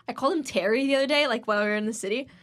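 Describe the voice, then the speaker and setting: Fast-talking young woman telling rambling stories. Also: a little high. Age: 20s. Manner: rambling anecdotes full of "like", acting out quoted people. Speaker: podcast co-host. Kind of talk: casual podcast chat.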